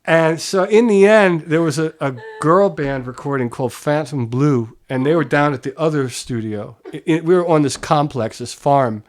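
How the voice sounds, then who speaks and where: Relaxed middle-aged man telling stories. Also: on the high side, normal speed, few pauses. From Pennsylvania. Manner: animated anecdotes, casual swearing, laughs while telling. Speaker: guest musician. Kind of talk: relaxed storytelling.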